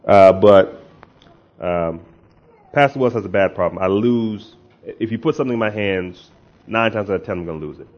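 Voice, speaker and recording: A man with a fairly low voice preaches as a pastor at a normal pace, talking conversationally and then rising into emphatic bursts. The sermon includes prayer and scripture read aloud, and the recording sounds dull and lo-fi.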